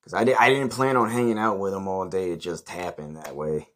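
A man's voice: deep voice, steady tone, brisk, a bit bright. A man hosting a podcast, telling a rambling story in a blunt, profane, casual way. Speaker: podcast host.

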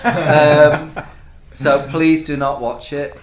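A man's voice: fairly high pitch, level tone, very slow. A man hosting a casual chat, rambling through opinions with many restarts and asides. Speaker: podcast host reviewing TV shows. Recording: echoey room with faint background noise.

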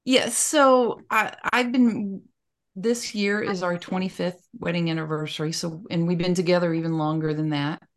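A woman's voice: on the low side, fairly even intonation, moderate pace. A middle-aged woman co-hosting a podcast, telling personal stories in a frank, plainspoken way. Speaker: podcast co-host. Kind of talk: casual podcast chat.

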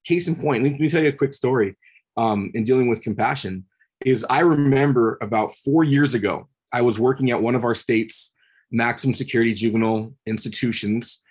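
Speaking briskly in a mid-range voice that's a little mellow and husky, a male podcast guest shares a personal story. He's earnest, often says things twice, and climbs toward passionate peaks in this relaxed storytelling chat.

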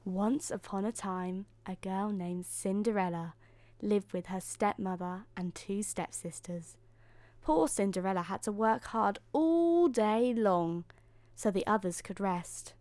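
A woman hosting and reading a bedtime story in a slow, soothing way. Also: medium pitch, a little mellow, no room sound. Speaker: host and storyteller.

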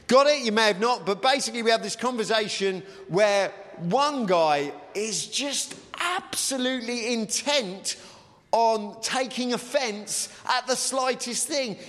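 A man preaching a sermon in a chatty, halting way, with frequent ums and uhs, in a church hall. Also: extremely high pitch, animated, fairly bright tone. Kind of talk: sermon with a read-aloud story. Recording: long reverb of a large hall.

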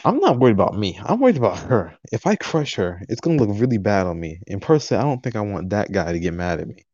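A man as a player in a tabletop role-play, joking and halting in character. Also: lowish voice, sing-song, darkish tone, dry recording, highs cut off. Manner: joking, halting, repeats words.

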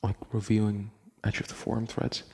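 A man's voice: on the low side, little pitch movement, brisk, creaky, dark tone, slight background noise. A young man hosting a casual late-night podcast, rambling, laughing often and swearing casually. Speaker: podcast host.

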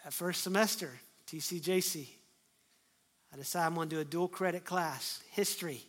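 High-voiced pastor preaching. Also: male voice, normal speed. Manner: emphatic, acts out scripture dialogue, swings from hushed to loud. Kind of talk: sermon.

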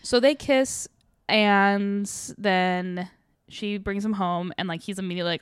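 A woman's voice: medium pitch, normal speed, smooth, no room sound, clean studio sound. A young woman chatting casually about a film she watched, laughing often and acting out lines from scenes. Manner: animated, laughs often, acts out quotes. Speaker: podcast co-host. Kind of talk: casual chat recapping a film.

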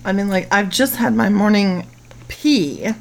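Female podcast co-host, relaxed conversational delivery, dry humor. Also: medium pitch, unhurried, gravelly, a little hiss or hum. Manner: relaxed, chatty, dry teasing. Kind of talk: casual chat.

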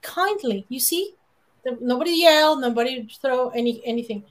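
A woman giving public speaking advice in an emphatic, animated way, often laughing and acting out quoted lines. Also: high-pitched, normal speed. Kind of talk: lively conversational advice.

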